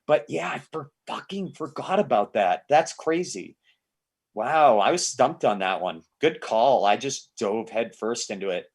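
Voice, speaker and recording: A man's voice: mid-range voice, measured pace, slightly rough. A man guesting on a casual comedy podcast, telling rambling stories with free swearing. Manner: animated, rambling storyteller, swears freely.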